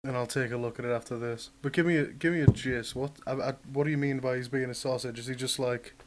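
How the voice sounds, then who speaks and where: A man chimes in quietly on a podcast with short questions and reactions. He sits a little back from the mic, so he sounds softer and farther away than the others. His pitch is middling for a man. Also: steady tone, fast talker. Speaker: podcast co-host. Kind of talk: casual chat.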